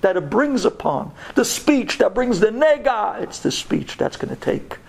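A rabbi preaching an earnest, urging sermon to a women's audience. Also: male voice, high-pitched, big pitch swings, unhurried, gravelly, a little mellow, husky.

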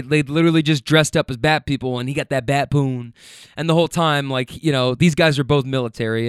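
Animated man telling a story, dry close sound. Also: mid-range voice, clear, resonant tone, no echo. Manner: animated, acts out the passengers' voices with quoted lines and laughs. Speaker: storyteller recounting a rideshare passenger story. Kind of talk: casual storytelling.

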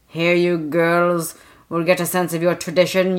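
A woman's voice: fairly low pitch, little pitch movement, measured pace. A woman chatting casually about a book with wry, sarcastic asides. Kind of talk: casual book-club chat.

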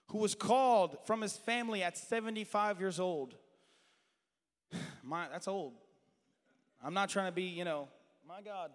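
A man preaching a sermon with passion, his voice climbing to shouts and then dropping to quiet asides, and saying he has strayed from his notes. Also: high-pitched, in a large hall.

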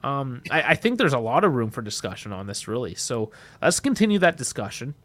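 Animated man co-hosting a podcast. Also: fairly quick. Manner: animated, swings loud and high when excited. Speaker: podcast co-host. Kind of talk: casual podcast chat.

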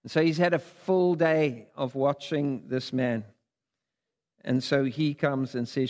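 A man's voice: medium pitch, steady tone, takes it slowly, a little mellow. A man preaching a sermon, reading scripture dramatically with big rises and drops in his voice. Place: church sanctuary. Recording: long hall reverb.

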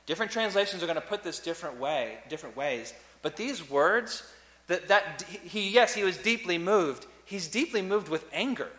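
A man preaching a sermon as a pastor, earnest, swinging between loud emphasis and soft, quiet lines. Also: high-pitched, lively intonation, moderate pace. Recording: long reverb of a large hall.

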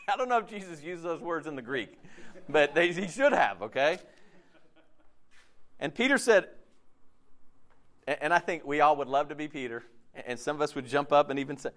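A man preaching a casual, jokey sermon, acting out quotes with lively swings in his voice. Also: fairly high pitch, brisk. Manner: animated, jokey, acts out quotes. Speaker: pastor.

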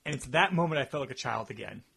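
A man's voice: medium pitch, lively intonation, fast, creaky, sharp tone, husky. A man co-hosting a casual review podcast, talking in long rambling stretches full of "like" fillers. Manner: rambling, heavy use of "like" fillers. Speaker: podcast co-host.

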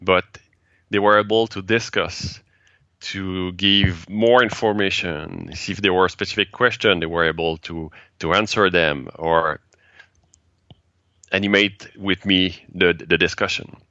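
Interview guest, French-Canadian accent, native French speaker; low, slow, halting delivery, dull lo-fi sound. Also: male voice, fairly even intonation, bright, forceful tone, no echo. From Quebec, Canada. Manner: halting, searching for English words, light laughs. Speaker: guest, event organizer. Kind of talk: casual interview chat.

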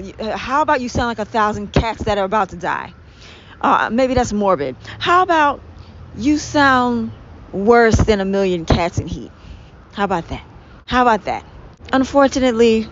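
A woman with a slightly high voice rants through her own podcast, sarcastic, exasperated and quick to swear. The recording is dull and lo-fi. Faint street traffic can be heard in the background. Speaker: podcast host. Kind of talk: ranting solo podcast. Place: indoors near a street with honking cars.

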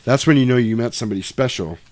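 A man's voice: mid-range voice, very fast, darkish tone, no echo. A man in casual chat, retelling a film scene, acting out the dialogue and swearing freely.

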